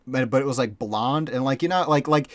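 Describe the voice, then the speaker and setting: A man's voice: mid-range voice, brisk, no room sound. Rambling, profane young man telling a story. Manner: profane, rambling, full of fillers. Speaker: podcast co-host. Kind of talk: casual storytelling chat.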